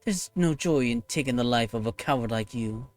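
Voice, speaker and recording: A man's voice: mid-range voice, animated, moderate pace, soft background music, close to an everyday voice. A man voicing a scornful, vengeful young female warrior, reading game dialogue aloud with raging threats. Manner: raging, contemptuous, shouting threats.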